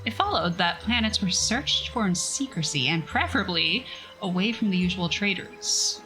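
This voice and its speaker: A woman's voice: medium pitch, expressive, normal speed, sharp tone, soft background music, poor audio. A woman reading a science fiction story aloud on a casual livestream, breaking off for chatty, self-mocking asides.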